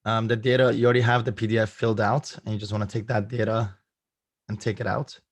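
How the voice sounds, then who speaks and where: Hoarse guy presenting on a video call, upbeat, dry close sound. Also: fairly low pitch, flat delivery, fast, no room sound. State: hoarse, losing his voice. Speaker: guest presenter.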